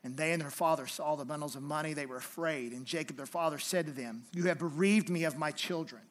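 A pastor preaching a sermon, reading scripture aloud with rising emphasis and then explaining it in a softer, conversational way. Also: male voice, on the high side, quick pace.

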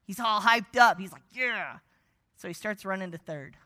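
A man's voice: high voice, brisk. A man preaching an evening sermon, telling stories with animation and sometimes dropping almost to a whisper for asides. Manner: animated storytelling, drops to near-whisper for asides. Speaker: pastor.

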